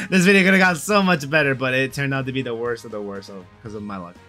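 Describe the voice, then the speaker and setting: A man's voice: mid-range voice, fairly quick, sharp tone, soft background music. A young man giving casual, slangy commentary on a mobile game, frustrated and peppering his talk with bro and dude.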